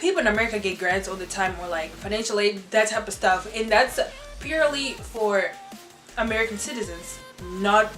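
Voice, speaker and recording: A young adult woman telling a storytime vlog in an animated, chatty way, full of "like" and "you know". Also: medium pitch. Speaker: vlogger. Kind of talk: casual storytime chat. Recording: roomy room with faint music.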